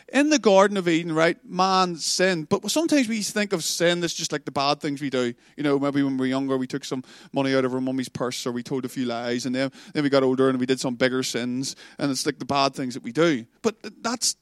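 A man preaching a sermon, passionate and animated, with stammering restarts and chatty asides. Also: high-pitched, dry recording, clean studio sound. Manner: passionate, animated, self-interrupting. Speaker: pastor.

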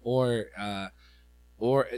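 A man's voice: medium pitch, steady tone, very slow, warm tone, clear, resonant tone, no echo. A man co-hosting a podcast in casual chat, teasing his friends with playful banter. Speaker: podcast co-host.

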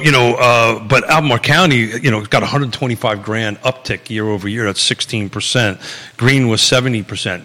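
A man in his sixties with a Long Island accent hosts a live talk show. He rambles loosely, with plenty of fillers and restarts. His voice is low-pitched but bright and forceful, and it carries a long reverb. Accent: Long Island New York. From Long Island, New York. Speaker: real estate talk show host.

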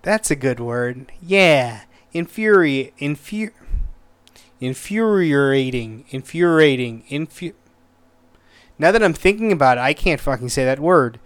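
A man's voice: medium pitch, lively intonation, normal speed, a bit bright, no room sound. A man hosting his own podcast, rambling casually with lots of profanity, stumbling over words and getting exasperated. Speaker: podcast host. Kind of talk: casual solo podcast review.

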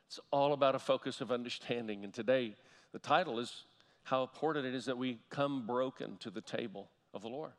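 A man preaching a sermon as pastor, telling a story and slowly repeating key phrases for emphasis. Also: medium pitch. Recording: long hall reverb.

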